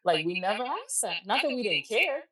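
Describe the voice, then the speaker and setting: A woman's voice: medium pitch, normal speed. A middle-aged woman telling a personal story as a podcast guest, blunt and emphatic, acting out the voices of people she quotes. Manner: animated, acts out quoted dialogue, emphatic and blunt. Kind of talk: emotional personal storytelling in casual chat. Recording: echoey room, distant mic.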